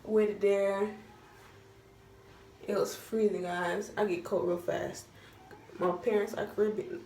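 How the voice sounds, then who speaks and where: A young woman vlogger telling a casual storytime in an animated, dramatic way, full of slang. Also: mid-range voice, takes it slowly. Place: at home, doing her hair while talking. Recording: roomy echo from a distance, faint background hum.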